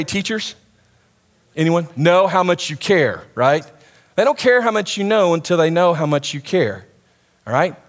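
A middle-aged man preaching a sermon to a live congregation in a church, talking conversationally and asking the audience questions. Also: sits high.

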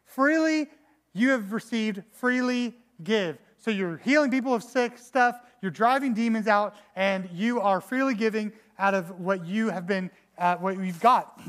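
A man's voice: sits high, fairly bright tone. A man preaching a sermon in an earnest, searching way, often restarting and repeating words and acting out quotes. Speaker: pastor.

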